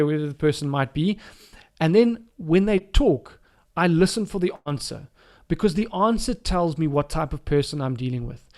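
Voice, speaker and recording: A middle-aged South African man leads a training webinar in an emphatic coaching manner. His voice sits a little high for a man. He leans on his key words and says them again to drive each point home. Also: darkish tone. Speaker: caddie trainer.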